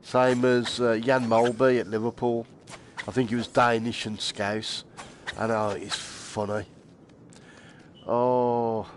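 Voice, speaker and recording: A man's voice: mid-range voice, little pitch movement, takes it slowly, slight background noise. A man chatting casually to viewers while streaming a game, laughing often and swearing lightly. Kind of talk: casual live-stream chat.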